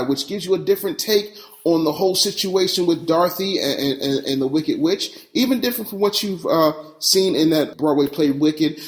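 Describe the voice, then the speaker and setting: A man hosting a business podcast, talking in a brash, in-your-face, streetwise way. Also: on the high side. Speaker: podcast host and business coach. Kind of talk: casual podcast talk and ad reads.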